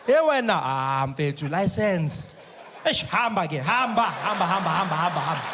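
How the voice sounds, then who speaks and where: A man's voice: fairly high pitch, lively intonation, moderate pace, over a noisy crowd, close to an everyday voice. A man with a South African accent voicing a laid-back male driver who laughs his way past a traffic cop in local slang. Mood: easygoing. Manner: easygoing, laughing, sing-song local slang. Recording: noisy live stage recording.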